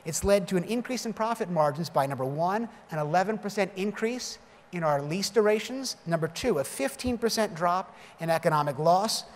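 Middle-aged man, keynote speaker, emphatic and jokey, higher voice, big echoing hall. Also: expressive, normal speed. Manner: storytelling, emphatic, jokey asides. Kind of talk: conference keynote speech. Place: large conference hall. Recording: reverberant hall with faint noise.

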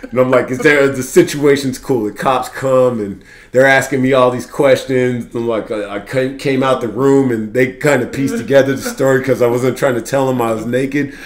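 Man, podcast co-host, casual storyteller who acts out other people's voices, mid pitch, echoey room. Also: fairly even intonation, moderate pace, few pauses.

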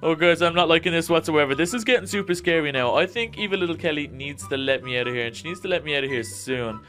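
A man giving let's-play commentary, jittery and excitable, talking straight to his viewers. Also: a little high, fast talker, faint music behind. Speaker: gaming YouTuber.

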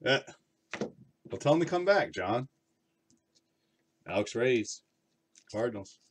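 A man hosts a card break live stream, chatting loosely with viewers and reading card names aloud between rambling remarks. His medium-pitched voice is husky, swings widely in pitch, and moves slowly.

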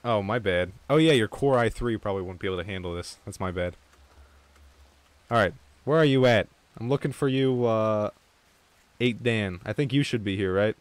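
A young man streaming an online game with viewers, chatting casually, swearing freely and getting excited. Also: on the low side, moderate pace, no echo. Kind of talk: casual gaming chat.

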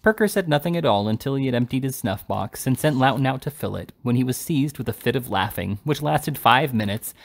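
A man reads a classic novel aloud at a measured, steady pace. His voice is gravelly and pitched in a middle range. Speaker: audiobook reader.

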